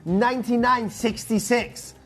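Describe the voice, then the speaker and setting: High-voiced, emphatic salesman. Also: steady tone, unhurried, faint music behind. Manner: emphatic, hard-selling, teasing. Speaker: shopping channel presenter. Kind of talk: live TV shopping presentation. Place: TV studio.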